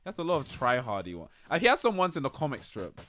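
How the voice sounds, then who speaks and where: A man hosting a casual stream chat, animated and laughing often, his voice jumping up when amused. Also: medium pitch, fast talker. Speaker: streamer host.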